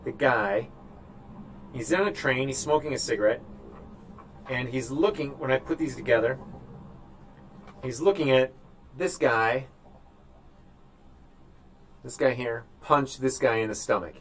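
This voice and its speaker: A man's voice: medium pitch, a little slow, pauses often, fairly bright tone. Easygoing man chatting while he paints. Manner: rambling, offhand, thinks aloud. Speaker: painter streaming live. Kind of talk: casual commentary while painting. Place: indoor studio room with a sunny window.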